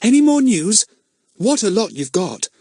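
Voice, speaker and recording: A man voices a sensible young girl who speaks earnestly, pitching his exaggerated voice above his own so it sits high with big pitch swings. His pace is measured and the tone a little mellow, recorded at studio quality with no echo.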